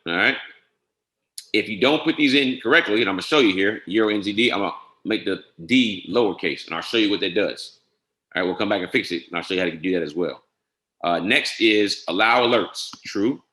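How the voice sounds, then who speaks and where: Man, lowish bright voice, step-by-step software tutorial, spells things out, echoey room. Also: a little fast. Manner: methodical, spells out each entry step by step; casual, drops frequent "all right?" check-ins. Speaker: software trainer. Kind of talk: screen-share software walkthrough.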